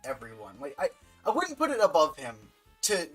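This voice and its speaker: A woman streaming a story game from home, reading its text aloud and thinking out loud between laughs. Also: low voice, huge pitch swings, brisk, rough recording. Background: faint game music.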